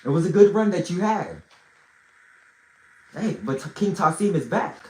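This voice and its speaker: A man livestreaming from a phone, telling a story in an animated, profane way with bursts of shouting. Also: high-pitched, moderate pace, reverberant, low-quality recording. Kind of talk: storytelling monologue.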